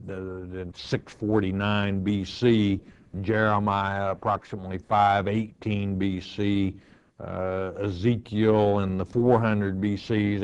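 A male pastor answers listener questions and teaches from the Bible, speaking slowly, firmly and matter-of-factly in a measured way. His voice is smooth and on the low side, with the highs cut off.

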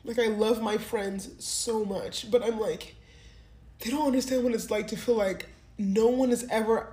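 A woman's voice: medium pitch, normal speed, mellow, slight background noise. A woman in her twenties casually telling a candid, rambling personal story full of "like". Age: 20s. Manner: candid, rambling, heavy use of "like". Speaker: vlogger. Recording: roomy echo.

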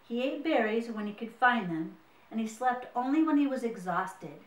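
A woman reads a children's picture book aloud in a rather high voice, stopping for friendly asides to her listeners. She sits some way from the mic in a roomy, echoing space. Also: expressive, normal speed, distant mic. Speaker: storyteller. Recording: roomy, mic set away.

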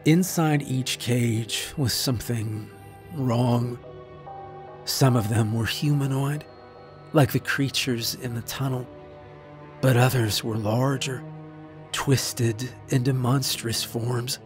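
Man, horror narrator, very slow delivery, scripted story, faint music behind. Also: medium pitch, steady tone.

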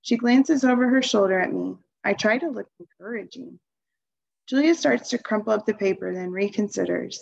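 A woman reading a children's novel aloud in a calm, even storytelling voice. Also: medium pitch, moderate pace, gravelly, breathy edge, muffled recording. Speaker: reader.

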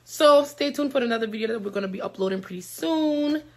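A woman's voice: fairly high pitch, animated, fast talker. A young woman co-hosting a prank vlog, teasing and laughing through casual banter. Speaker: vlog co-host.

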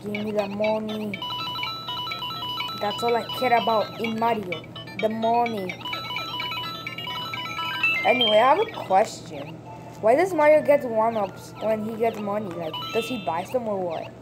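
A woman chatting casually through a video game playthrough, breaking into excited shouts and laughs at close calls. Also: mid-range voice, measured pace, long pauses. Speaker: gameplay commentator. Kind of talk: casual let's-play commentary. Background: video game music.

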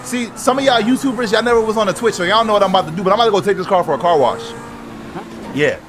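A young man streaming a role-play driving game, loud and excitable, swearing freely and shouting at other players. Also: sits high, racing, noisy background. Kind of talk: loud gaming commentary. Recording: game music playing behind.

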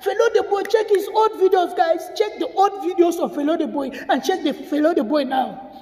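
A man's voice: very high-pitched, normal speed, darkish tone, echoey room, in a large hall. A man talking to his viewers in an emotional video commentary, tearful and repeating himself as he appeals to them. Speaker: vlogger.

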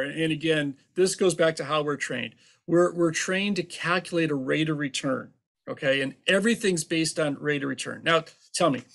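A man who is an accountant and author, answering interview questions with emphatic, teasing explanations and everyday examples. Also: fairly high pitch.

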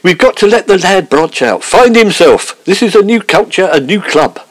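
A man's voice: high-pitched, lively intonation, normal speed, no echo, low-quality recording. A man voicing a pompous, put-upon middle-aged football manager in a comedy radio pastiche. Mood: blustering. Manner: pompous and blustering.

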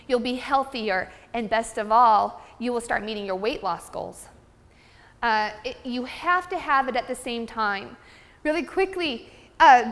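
Woman, seminar presenter, chatty, upbeat, high voice, long hall reverb. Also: fairly bright tone. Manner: upbeat, chatty, talks to the audience. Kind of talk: live seminar lecture. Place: seminar room.

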